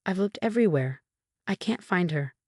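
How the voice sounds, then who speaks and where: Lady doing a fierce worried sister-in-law, sharp and urgent, lowish voice. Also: lively intonation, moderate pace, dry recording, studio quality. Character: loyal, protective sister-in-law.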